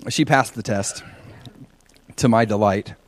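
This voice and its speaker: A man's voice: lowish voice, slow. A middle-aged man preaching and telling personal stories, often acting out the people he quotes. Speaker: pastor.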